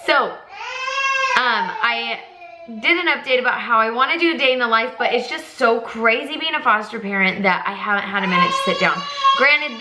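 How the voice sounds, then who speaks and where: A woman's voice: a little high, background noise. A young woman chatting casually to her phone camera at home, rambling and self-deprecating. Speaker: vlogger and foster mom. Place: home, indoors.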